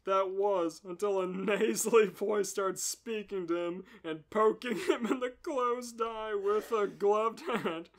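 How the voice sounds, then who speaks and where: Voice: mid-range voice, slight background noise. A storyteller reading a comedic story aloud, often breaking into laughter. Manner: giggly, reads slowly.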